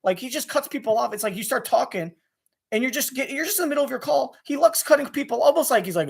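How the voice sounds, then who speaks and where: A young man venting to camera about sports radio hosts, his talk fast and restless. He swears freely and trips over his own sentences as he pushes to get every point out. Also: very high voice, expressive, vocal fry, slightly rough. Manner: rapid, restless, with many restarts and swearing. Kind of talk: angry profane rant to camera.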